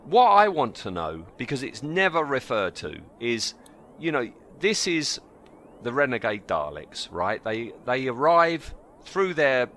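A man's voice: medium pitch, very animated, unhurried, fairly bright tone, slight background noise. A man co-hosting a podcast, chatting casually, asking questions and laughing along. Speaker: podcast co-host. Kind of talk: casual chat.

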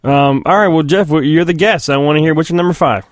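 Give me a relaxed, easygoing male podcast host recorded dry and close. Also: a little high, fast, no echo. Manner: relaxed, laughs easily, swears casually. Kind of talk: casual podcast chat.

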